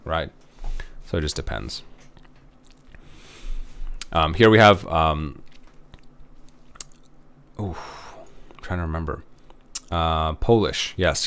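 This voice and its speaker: A man's voice: lowish voice, fairly bright tone, smooth. A man giving a history lecture in a loose, conversational way, full of "um" and "right?" tag questions. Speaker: history professor. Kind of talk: recorded lecture.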